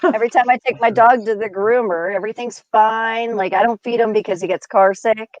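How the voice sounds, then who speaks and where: A woman's voice: on the high side, steady tone, brisk, no echo. Exasperated woman chatting on lo-fi audio. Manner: exasperated, chatty, trailing off quietly. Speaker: co-host. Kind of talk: casual comedic storytelling.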